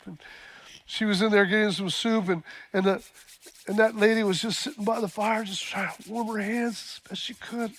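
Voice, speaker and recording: A man's voice: sits high, steady tone, moderate pace. A man preaching a sermon as pastor, telling a story with fillers and repeated words before building to emphatic peaks.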